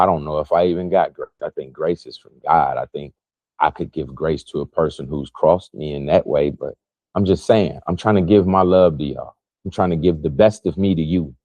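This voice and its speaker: A man delivering a heated, profane spiritual monologue to his viewers, preachy and emotional while fasting, his pitch swinging widely. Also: warm tone, no echo, poor audio. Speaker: spiritual vlogger.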